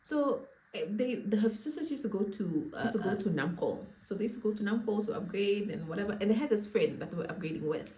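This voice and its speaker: A woman's voice: medium pitch, lively intonation, fast, mellow. A young woman with a Namibian accent tells a storytime to her viewers, playful and laughing, with asides to the audience. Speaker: storyteller vlogger. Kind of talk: casual storytime chat. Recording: echoey room.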